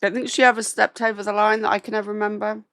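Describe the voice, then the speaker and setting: A British woman hosting a live stream, talking in a measured, diplomatic way and answering chat. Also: mid-range voice, little pitch movement, fairly bright tone, no room sound, clean studio sound. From Britain. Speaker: host.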